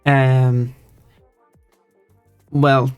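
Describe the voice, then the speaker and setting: A Swedish livestreamer in casual chat mode explains things loosely, thinking aloud with restarts and drawing out words in a flat, smooth delivery. The pitch is ordinary and mid-range, and the dry, close sound has its highs cut off, no room echo, and soft music faintly underneath.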